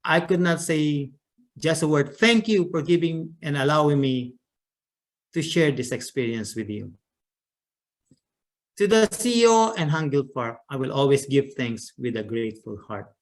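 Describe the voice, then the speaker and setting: A man giving an earnest, heartfelt speech with a halting delivery. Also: on the high side, lively intonation. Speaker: sales master giving a speech. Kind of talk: emotional prepared speech.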